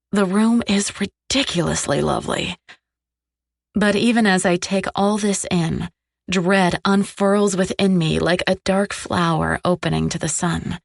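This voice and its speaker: Low gravelly woman narrating dark romance. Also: no echo, studio quality. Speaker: audiobook narrator. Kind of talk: first-person dark romance audiobook narration.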